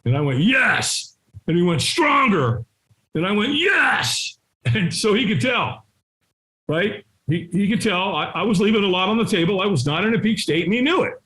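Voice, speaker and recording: A middle-aged man telling a story as an interview guest, acting out the voices of people in it and sometimes shouting. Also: high voice, expressive, quick pace. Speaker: guest, firewalking instructor. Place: his home.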